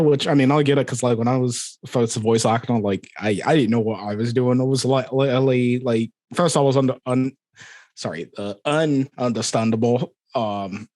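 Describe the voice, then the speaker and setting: A man's voice: mid-range voice, darkish tone, no room sound. A young Scottish man, a voice actor, chatting casually in an interview, easygoing and hesitant with many fillers. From Scotland. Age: young adult.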